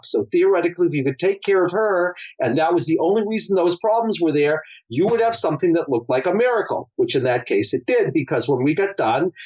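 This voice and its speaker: A middle-aged man speaks as a psychologist guest, explaining his approach through a long client story. His voice sits a touch high, and he briefly takes on the client's words as he goes. The audio is dull and lo-fi. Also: a little mellow. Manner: storytelling, acts out client quotes. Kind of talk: explanatory interview talk.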